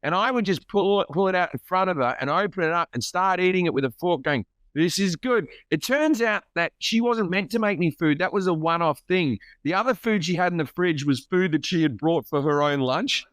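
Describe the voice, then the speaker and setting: A man's voice: high voice, lively intonation, fairly quick, hardly any pauses, fairly bright tone, clear, resonant tone, no room sound. A man guesting on a casual podcast chat, telling self-mocking stories with stammering restarts. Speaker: guest comedian.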